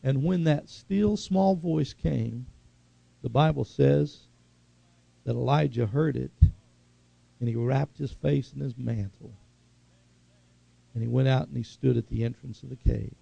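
A man preaching a sermon, swinging from loud, high exhortation to hushed, slow earnestness. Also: steady tone, vocal fry, breathy edge, no room sound, dull audio.

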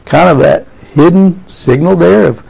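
A man's voice: a little high, unhurried, gravelly, darkish tone, husky, poor audio. A man preaching a sermon, reading scripture aloud and calling out "amen?" to his congregation.

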